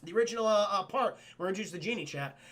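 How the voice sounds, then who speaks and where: A man streaming a casual film recap to his live chat, excitable and profane, calling out to the chat often. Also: high voice, very fast.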